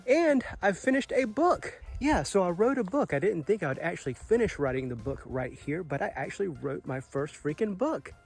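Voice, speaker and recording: A man's voice: high voice, big pitch swings, normal speed, creaky, few pauses, breathy edge, soft background music. A man in his late forties giving an earnest, motivational vlog talk outdoors, swearing casually. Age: 40s. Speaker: vlogger. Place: outdoors on a Caribbean island.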